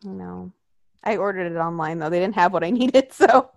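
A woman's voice: fairly low pitch, moderate pace, creaky, no echo, studio quality. A young woman telling a story in casual chat, swearing often and acting out quotes in voices.

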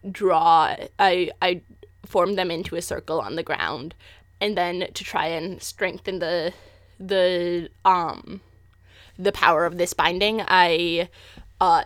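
Hesitant woman player, low and slow. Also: fairly bright tone, no room sound. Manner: hesitant, lots of fillers and restarts. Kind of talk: tabletop role-play.

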